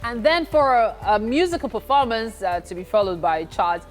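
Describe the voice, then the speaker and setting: A woman's voice: fairly high pitch, faint music behind. Woman co-hosting breakfast TV. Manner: playful, teasing, brisk presenter delivery. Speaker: morning show co-host. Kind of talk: live breakfast TV banter.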